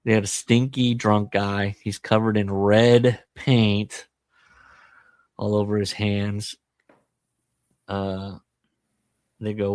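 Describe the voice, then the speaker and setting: A man's voice: lowish voice, flat delivery, slow pace, long pauses, darkish tone, dry recording. A man hosting a podcast, casually retelling a book's plot with jokey, self-deprecating asides. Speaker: podcast host. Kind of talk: casual book-discussion chat.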